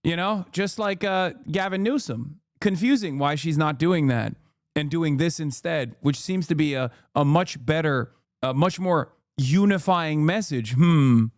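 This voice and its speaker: A man's voice: fairly high pitch, no echo, studio quality. Sarcastic American man ranting on stream. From United States. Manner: sarcastic, fast, profane ranting. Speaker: streamer, political commentator. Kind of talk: live stream political commentary.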